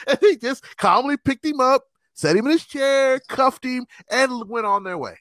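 A man telling stories in a casual chat, animated and profane, often laughing. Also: high-pitched, normal speed, no echo, clean studio sound.

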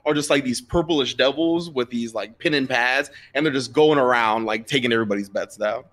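A man's voice: medium pitch, brisk, fairly bright tone. A man narrating a tabletop game as game master, describing scenes in a loose, rambling way full of fillers.

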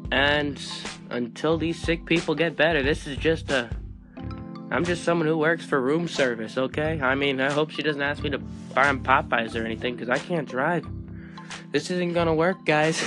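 A man vlogging in casual talk to camera, telling a story in a wry, exasperated way. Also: fairly high pitch.

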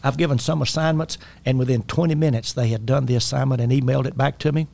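A man's voice: medium pitch, fairly even intonation, fast, creaky, a little mellow, no echo. Earnest man giving coaching advice. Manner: earnest, exhorting. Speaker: life coach. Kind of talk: faith-based coaching talk.

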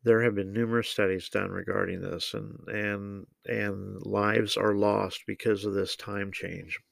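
Deep gravelly opinionated male commentator. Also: level tone, fairly bright tone, dry recording. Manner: opinionated, deliberate with frequent ums and uhs. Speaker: political commentary host. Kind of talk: solo political commentary.

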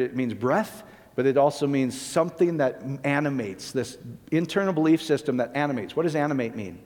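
A male pastor delivers a conversational sermon in a mid-range, darkish voice, often asking the congregation whether it makes sense. The recording carries the long reverb of a large hall.

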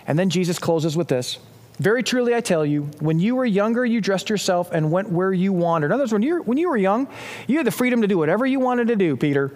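High-voiced pastor preaching in a reverberant hall. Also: male voice, a little fast. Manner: animated storytelling, acting out quoted lines. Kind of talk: sermon.

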